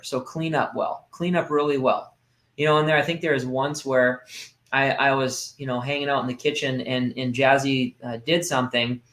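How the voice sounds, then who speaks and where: A podcast host in his thirties talks casually with a medium-pitched, slightly bright voice. His speech rambles, full of fillers and restarts, and the recording has a roomy echo.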